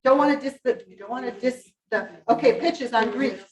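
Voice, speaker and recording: A woman's voice: fairly high pitch, fairly quick. A woman directing a choir rehearsal, coaching the singers and singing short phrases to show how they should go. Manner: sings phrases to demonstrate, animated coaching. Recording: roomy rehearsal hall, from far off.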